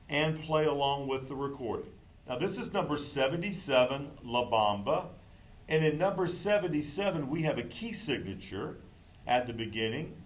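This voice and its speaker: A man's voice: medium pitch, a little hiss or hum, low-quality recording. A man teaching a clarinet lesson, patiently counting in and calling out note names and fingerings. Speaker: music teacher.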